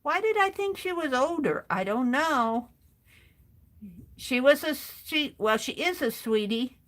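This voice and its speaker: A middle-aged woman hosting an art journaling livestream, chatting warmly with viewers by name and reading their comments aloud while she works. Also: sits high, lively intonation, a little slow. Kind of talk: casual chat while crafting.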